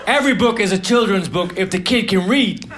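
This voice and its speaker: A man doing a live stand-up routine, delivering short one-liners in a deadpan manner. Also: high voice, a little fast. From United States. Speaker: stand-up comedian. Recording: noisy live recording. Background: audience laughter.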